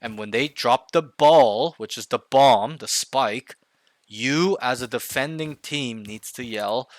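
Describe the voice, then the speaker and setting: A man's voice: mid-range voice, takes it slowly, no room sound. A man coaching a student one-on-one over voice chat, emphatic and often checking in with 'right?'. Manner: emphatic, often checks in with 'right?', acts out loud team callouts. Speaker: game coach.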